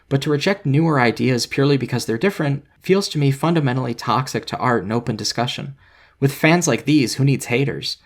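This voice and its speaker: A man narrating a scripted video essay in a measured, analytical way. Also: medium pitch.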